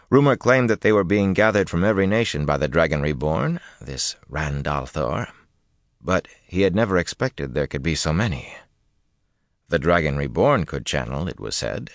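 A man narrating a fantasy novel as an audiobook, reading in a steady, even manner. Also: very deep voice, no echo, studio quality. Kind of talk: scripted narration.

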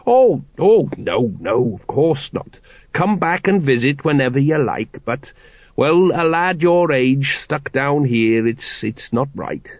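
A man voicing an elderly male dwarf father, worried and hesitant, who speaks in slow, halting phrases. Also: mid-range voice, expressive, no room sound. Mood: awkward, gentle. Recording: dry, dull lo-fi audiobook recording.

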